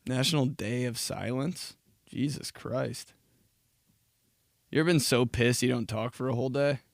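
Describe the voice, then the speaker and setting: A young man riffing alone on his podcast in a loose, profane, rambling way, often laughing at himself. His voice sits in an ordinary middle pitch. The sound is dry and close, with no room echo. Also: moderate pace, creaky. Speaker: podcast host. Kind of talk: casual solo podcast monologue.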